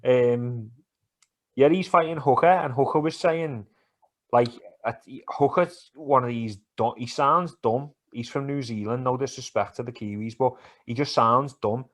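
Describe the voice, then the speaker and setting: A man co-hosts a casual sports podcast. He talks in an animated, sweary way and teases his mate often, at a mid-range pitch. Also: unhurried. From England. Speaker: podcast co-host. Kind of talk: casual banter about football and MMA.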